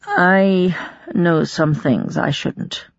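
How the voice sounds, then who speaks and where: A reader voicing a guarded woman who speaks reluctantly and haltingly. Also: fairly low pitch, creaky, no room sound, muffled recording, full character voice.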